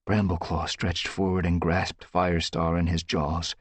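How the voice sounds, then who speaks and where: A man with a husky voice reading an audiobook with dramatic, tense storytelling. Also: sits low, level tone, unhurried, dry recording. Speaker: audiobook narrator. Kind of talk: dramatic scripted narration.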